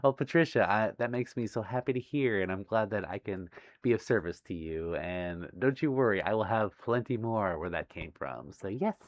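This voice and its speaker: A man livestreaming casually from home, reading viewer messages aloud, giggling often and apologizing warmly. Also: lowish voice, moderate pace, dry recording. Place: home, near a busy street. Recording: dry, slightly muffled stream audio.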